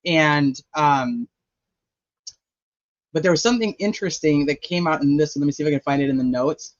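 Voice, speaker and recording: Here a true crime channel host talks through his notes in a chatty, meandering livestream, thinking aloud as he goes. His voice is fairly high and moves at a normal speed, and the recording sounds dry and muffled.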